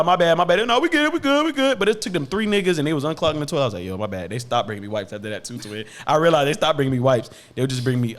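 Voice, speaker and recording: A young man hosting a podcast, telling a story casually with profane slang and laughter. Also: fairly high pitch. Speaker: podcast host.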